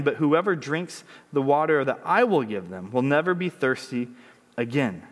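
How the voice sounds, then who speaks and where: A man with a high voice delivers a sermon, moving between scripture reading and chatty, question-filled commentary. His voice rings out with a long reverb tail from a big hall. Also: a bit bright. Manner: conversational preaching with rhetorical questions; reads scripture aloud then riffs on it. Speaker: pastor.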